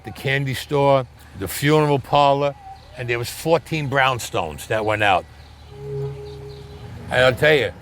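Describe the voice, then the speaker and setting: A man's voice: medium pitch, fairly bright tone, a little hiss or hum. Older New man telling a story. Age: 70s. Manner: emphatic, repeats key phrases. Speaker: interviewee. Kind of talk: recounting a memory on location.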